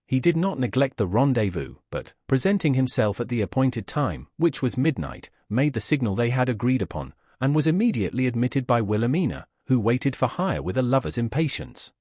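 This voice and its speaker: A man narrating a classic novel as an audiobook, in a measured, expressive storytelling manner. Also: medium pitch, no echo, clean studio sound.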